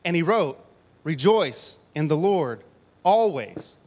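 A man's voice: on the high side, sing-song, slow, darkish tone, breathy edge. A man preaching a casual, conversational sermon to a congregation on a handheld mic, with joking asides. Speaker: pastor. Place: church hall with audience. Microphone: handheld microphone. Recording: long hall reverb.

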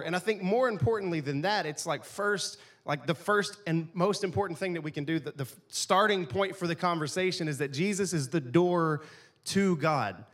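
A pastor delivers his sermon like a chat with friends, full of jokes and asides. His voice sits a little higher than most men's. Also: moderate pace, a bit bright. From East Texas, USA. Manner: casual, joking, conversational preaching.

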